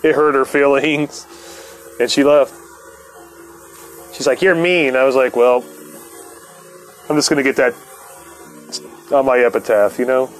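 A man's voice: medium pitch, fairly even intonation, a little slow, long pauses, soft background music. A man, the host, telling a long personal story in a casual, profane way, laughing often and acting out what others said. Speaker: podcast host.

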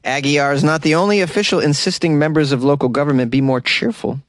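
A man's voice: on the high side, quick pace, no echo, studio quality. A man hosting a casual comedic news commentary show, reading stories and cracking wry jokes, laughing at his own asides and stumbling over foreign names.

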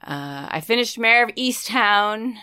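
Bright-voiced chatty woman podcaster. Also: fairly high pitch, lively intonation, unhurried, smooth. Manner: chatty, rambling, laughs often. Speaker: podcast co-host. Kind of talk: casual chat about books and TV. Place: home office.

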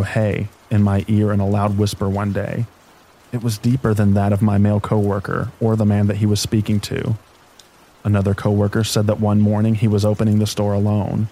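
Calm low-voiced man reading scary stories. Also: rough recording. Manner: calm, even sleep-story reading. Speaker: narrator. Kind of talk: scripted narration of scary stories. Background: rain.

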